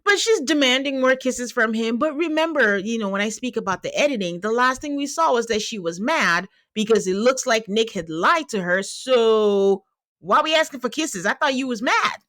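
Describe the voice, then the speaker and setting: A woman's voice: fairly high pitch, moderate pace, no room sound, clean studio sound. A woman hosting a podcast, recapping a reality show in casual chat, laughing and acting out what people said. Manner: animated, laughing, acting out quotes. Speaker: podcast host.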